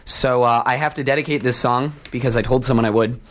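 A man at a studio microphone, rambling through a campus radio show with a mid-pitched voice. He fills pauses with ums and uhs and pokes fun at himself as he introduces songs. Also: fairly even intonation, a bit bright. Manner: rambling, self-deprecating, many ums and uhs. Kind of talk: casual radio chat.

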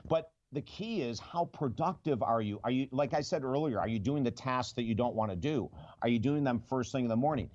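A man's voice: mid-range voice, lively intonation, brisk, hardly any pauses, a little mellow, no room sound, highs cut off. A man, an author being interviewed, who tells stories with lots of energy and acts out the people he quotes. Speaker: author and guest. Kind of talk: conversational interview storytelling.

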